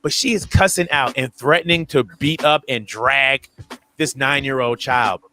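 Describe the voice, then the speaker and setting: A man co-hosting a podcast, telling a story casually and acting out the people in it with big jumps in his voice. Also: a little slow. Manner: animated retelling, acts out quoted voices with big pitch jumps. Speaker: podcast co-host.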